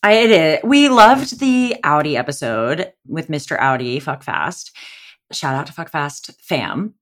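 A woman co-hosts a podcast in an eager, casual way. She often restarts her sentences. Her voice sits a little low. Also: lively intonation, unhurried, fairly bright tone. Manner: eager, stumbles over starts. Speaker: podcast co-host.

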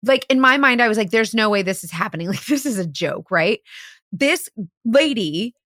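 Woman podcast host telling a wild story, says like a lot, kinda high voice, dry sound. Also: normal speed, no room sound. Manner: animated, lots of "like", acts out quotes. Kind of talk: casual storytelling chat.

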